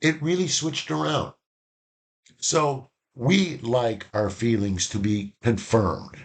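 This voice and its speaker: Man giving a lively casual lesson. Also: mid-range voice, takes it slowly. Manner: lively, acts out little dialogues. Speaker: instructor.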